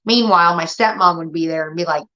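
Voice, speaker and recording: A woman's voice: lowish voice, fast talker. A woman in her thirties telling family stories in casual, profane talk, acting out her relatives. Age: 30s. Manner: profane, animated, acts out family members. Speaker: streamer. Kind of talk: casual storytelling. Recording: dull lo-fi audio.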